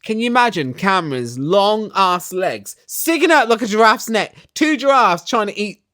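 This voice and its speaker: A speaker ranting in a casual, gossipy style while recapping a reality TV episode, with exaggerated, animated reactions. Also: medium pitch, normal speed, dry recording, clean studio sound.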